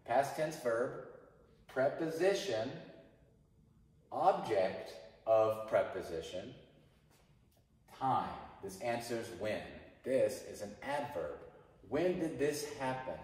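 A male English teacher giving a grammar lesson to a class, speaking slowly and repeating phrases for students to say after him. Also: medium pitch, darkish tone. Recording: echoey hall, mic far off.

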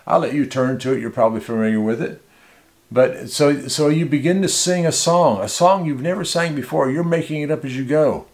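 A man with a fairly high, somewhat mellow voice preaches fairly quickly to a small church. The pastor's teaching is casual and conversational, marked by many restarts and repeated words.

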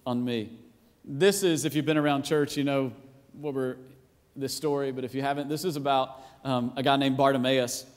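A male pastor preaching a sermon in a church in a casual, playful way, acting out quotes and sometimes shouting. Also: mid-range voice. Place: church auditorium. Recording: long hall reverb.

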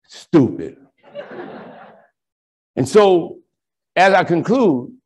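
High-voiced animated priest preaching. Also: male voice. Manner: animated, preacherly storytelling with acted-out quotes. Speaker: priest and keynote speaker. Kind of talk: storytelling conference keynote. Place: large conference ballroom.

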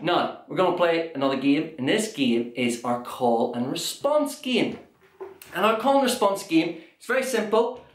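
A man's voice: on the high side, animated, normal speed, a little hiss or hum. A young man leading a kids' drum lesson, chanting call and response in a playful, sing-song way. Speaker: children's drum workshop leader. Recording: echoey room with drum music. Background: drum and percussion beat.

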